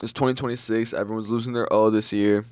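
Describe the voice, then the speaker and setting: A man's voice: fairly low pitch, level tone, quick pace, darkish tone, clear, resonant tone. Young man rambling casual fight picks. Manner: loose and slangy, full of fillers and swearing. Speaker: MMA fight predictions channel host.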